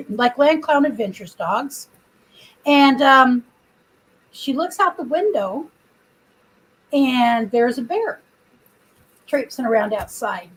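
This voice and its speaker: Woman streamer, high voice, rambling and chatty, no proper mic. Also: rough recording. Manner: rambling storyteller, chatty with viewers. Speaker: livestream host. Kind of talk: casual livestream chat. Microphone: computer built-in mic, no external microphone.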